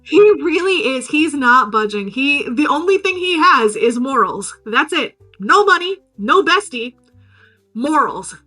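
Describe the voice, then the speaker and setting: A woman's voice: high-pitched, sing-song, measured pace, pushed and bright, soft background music. A woman co-hosting a podcast, casually recapping a film, swearing freely and acting out the characters in silly voices. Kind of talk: casual chat.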